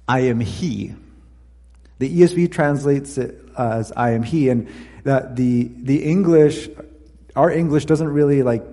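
Male pastor, husky and mellow, expository sermon, echoing church hall. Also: medium pitch. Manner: expository preaching, reading scripture aloud with occasional slips.

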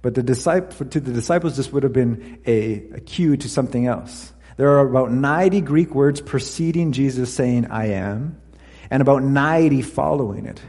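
A man's voice: mid-range voice, warm tone, slightly rough, long reverb tail. A man preaching a sermon, walking through scripture passages and reading verses aloud, sometimes correcting his own slips. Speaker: pastor.

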